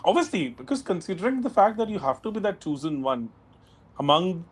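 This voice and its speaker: A man's voice: sits high, very animated, a little fast, husky. A man hosting a live cricket watchalong stream, chatting with his guest and breaking in with match updates. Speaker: stream host.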